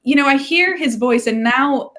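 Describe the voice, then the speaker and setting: A woman's voice: high-pitched, moderate pace, a bit bright. A woman author chatting on a video call, laughing often and talking with many fillers and restarts. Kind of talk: casual conversation on a livestream.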